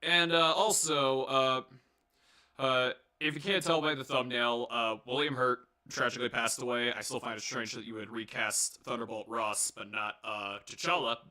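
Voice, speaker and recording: A man's voice: mid-range voice, steady tone, moderate pace, pushed and bright. A young man giving a casual, rambling movie review, swearing and joking with lots of fillers and restarts. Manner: rambling, profane, jokey, many fillers and restarts.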